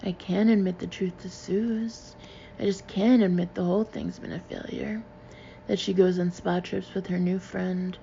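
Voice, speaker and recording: A woman's voice: steady tone, moderate pace, gravelly, dark tone, muffled recording, a little hiss or hum. A woman reading a first-person novel aloud, lifting her voice for the dialogue. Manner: voices dialogue with lifts in pitch and volume. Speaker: audiobook reader.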